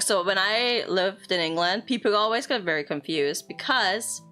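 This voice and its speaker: On a casual live stream, a young female streamer with a lowish, sharp voice chats playfully while teaching Japanese words, occasionally swearing.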